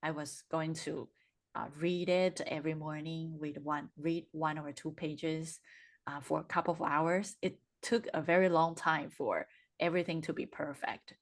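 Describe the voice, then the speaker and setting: Woman host low voice, hesitant, casual video-call interview chat. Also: fairly even intonation, normal speed. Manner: hesitant, searching for words. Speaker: podcast host.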